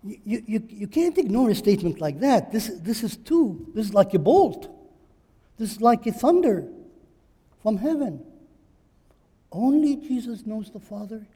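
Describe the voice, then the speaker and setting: A man's voice: high voice, sing-song, moderate pace, warm tone, slightly rough. Emphatic male preacher in a reverberant hall. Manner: emphatic, rhetorical questions and repetition. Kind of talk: sermon.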